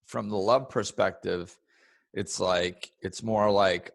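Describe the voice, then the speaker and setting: Podcast host, man, low gravelly voice, dry close sound, easygoing talk with acted-out quotes. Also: measured pace, dry recording. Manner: relaxed, acts out quoted people in raised voices. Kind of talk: casual spiritual self-help talk.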